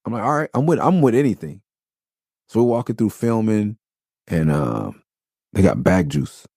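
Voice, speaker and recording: A man from Los Angeles hosting a podcast, telling rambling, profane stories in a casual, animated way. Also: fairly low pitch, creaky, husky, no echo, clean studio sound. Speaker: podcast host. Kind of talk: casual storytelling.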